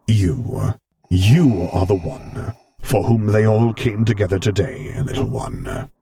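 Man voicing a calm armored giant, slow deep rumble, placid, audiobook reading. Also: gravelly. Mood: tender.

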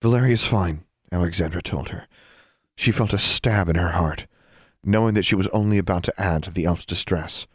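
A man reading fiction aloud as narrator in a measured, quietly dramatic way. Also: low-pitched, fairly even intonation, husky, no echo, studio quality.

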